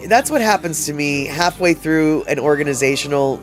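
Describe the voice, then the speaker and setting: A man's voice: a little high, lively intonation, moderate pace, faint music behind. A man hosting a livestream, chatting casually and reading out viewer comments in a rambling way, with many fillers and restarts. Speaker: livestream host.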